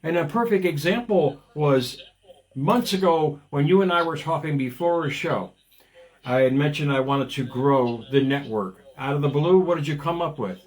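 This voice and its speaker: This radio host is a man in his fifties with a fairly high, slightly mellow voice and a moderate pace. On his motivational talk show he speaks with energy, digresses, and tends to repeat words when beginning a thought.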